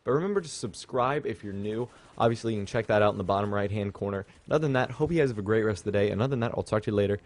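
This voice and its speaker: Casual young man narrating gameplay, lowish voice. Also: very fast, few pauses. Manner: casual, rambling, chatty with fillers. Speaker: gaming channel host. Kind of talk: gameplay commentary.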